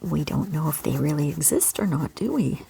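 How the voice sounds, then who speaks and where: A gentle, encouraging woman from Canada, talking kids through a step-by-step drawing lesson in a soft voice. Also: sits low, lively intonation, normal speed, creaky, a little hiss or hum. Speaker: children's art teacher.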